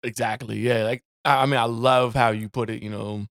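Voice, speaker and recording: A man at an ordinary pitch co-hosts a podcast in loose, slangy conversation, laughing along easily. His voice sounds dry and close to the mic. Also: brisk, vocal fry, no echo. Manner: relaxed, slangy, laughs often. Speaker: podcast co-host. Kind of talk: casual chat.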